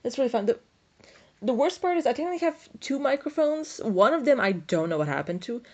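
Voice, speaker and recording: A woman's voice: a little high, expressive, brisk. A woman giving a casual, exasperated book review with a dry throat, recorded on a tablet without a microphone. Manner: exasperated, rambling, self-mocking. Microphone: built-in tablet mic, no microphone.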